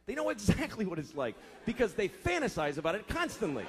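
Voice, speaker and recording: A man in his thirties doing a profane stand-up routine, exasperated, slipping into quick character voices. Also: high-pitched, wildly swooping pitch. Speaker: stand-up comedian. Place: comedy club stage with laughing audience. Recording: live club recording with audience noise. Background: audience laughter.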